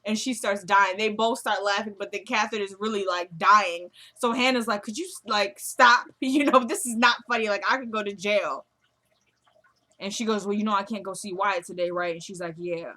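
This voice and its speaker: A woman casually recapping a TV drama episode, retelling scenes as quoted dialogue with a chatty, animated delivery. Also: medium pitch, normal speed. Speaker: show recap vlogger.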